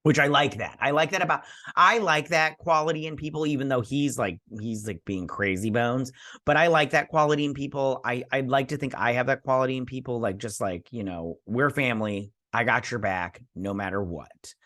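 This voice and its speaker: A man's voice: mid-range voice, a little fast, sharp tone. Rambling male show reviewer. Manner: rambling, with many fillers, paraphrasing characters' lines. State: sleepy, yawning. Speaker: host. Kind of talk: casual episode recap and review.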